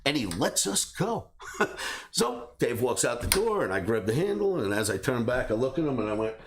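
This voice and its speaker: A man hosting a trading show, telling a personal story in a casual, animated way and laughing between beats. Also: mid-range voice, moderate pace. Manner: animated, laughs through his own stories. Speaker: trading academy host.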